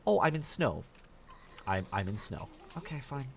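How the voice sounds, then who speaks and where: A man's voice: mid-range voice, very animated, moderate pace, gravelly, a little hiss or hum. A man streaming a survival game, grumbling and swearing at his bad luck and mocking himself as he plays. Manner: grumbling, profane, self-mocking. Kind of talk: casual gameplay commentary.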